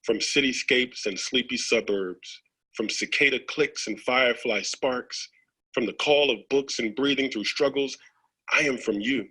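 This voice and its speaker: A man reading a poem aloud in turns, with a measured, reciting delivery. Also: medium pitch, bright, forceful tone, breathy edge, poor audio. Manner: measured, reciting lines in turn.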